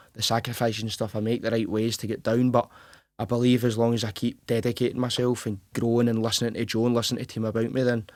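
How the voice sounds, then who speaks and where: A young Glaswegian man in his twenties talks in a quick, tumbling rush. He stays on a narrow, even pitch, restarts his sentences and keeps saying "mate". The recording is close and dry. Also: no echo. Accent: Glaswegian Scottish. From Scotland. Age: 20s. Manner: rapid and earnest, full of restarts and "mate". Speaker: professional boxer, guest. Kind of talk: casual interview chat.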